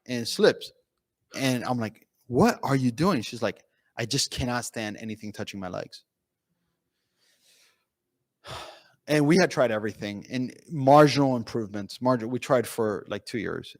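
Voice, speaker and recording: A man speaking as a pain physician at a conference, telling patient stories in an animated way with many fillers and restarts. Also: mid-range voice, dry recording. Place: conference room.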